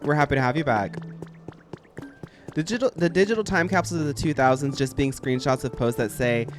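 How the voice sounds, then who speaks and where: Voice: medium pitch, brisk, music in the background. A streamer chatting casually while playing a game, giggling and tossing out slangy asides.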